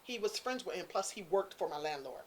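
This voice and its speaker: A woman's voice: fairly low pitch, fairly quick, a little hiss or hum. A woman telling a story in casual chat, acting out the voices of the people in it. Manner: animated, acts out quotes, Caribbean-inflected English. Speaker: guest storyteller.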